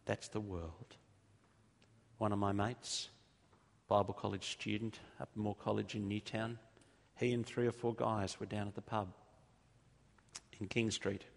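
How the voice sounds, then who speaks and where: A middle-aged Australian man delivers a sermon in a low, gravelly voice with a husky edge. He tells stories and hammers his points through repetition, easing down on the key lines. The sound carries a long reverb from a large church hall. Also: flat delivery. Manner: storytelling, emphatic repetition, slows down for key points. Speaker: preacher.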